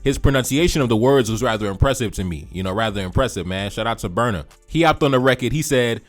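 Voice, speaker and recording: A man from Haiti, hosting a music reaction video, talking casually with lots of repeated phrases and shout-outs. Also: medium pitch, fast, few pauses.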